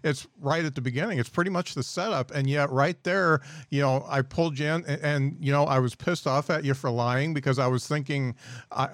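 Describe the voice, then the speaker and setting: A man's voice: medium pitch, dry recording, studio quality. A man hosting a casual podcast chat, talking in a reflective way and searching for his words. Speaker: podcast host.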